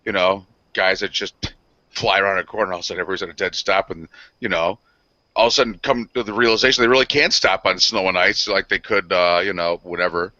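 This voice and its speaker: A man's voice: low voice, fairly even intonation, fast talker, sharp tone, dry recording. A man co-hosting a casual podcast, rambling loosely with profanity. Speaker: podcast co-host. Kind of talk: casual chat. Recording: dry, dull lo-fi sound.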